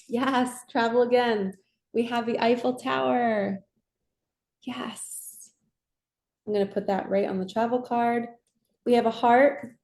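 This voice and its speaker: A woman giving a casual spiritual card reading in a soft, reassuring, affirming way. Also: mid-range voice. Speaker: tarot and oracle card reader. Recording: echoey room.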